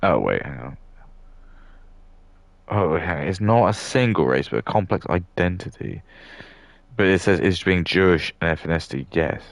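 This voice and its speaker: A man in his thirties with an extremely deep voice and a gravelly edge, chatting and ranting loosely as he builds models. He rambles and swears freely. The sound is dry and close. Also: lively intonation, moderate pace, pauses often, dry recording. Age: 30s. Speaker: streamer. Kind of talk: casual rambling chat while building models.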